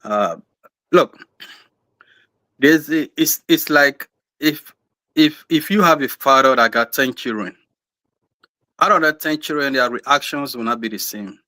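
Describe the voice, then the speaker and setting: A man's voice: fairly high pitch, sharp tone, no echo. A man with a Liberian English accent arguing emphatically on a talk-show panel, repeating words as he builds his point. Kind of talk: heated talk-show discussion.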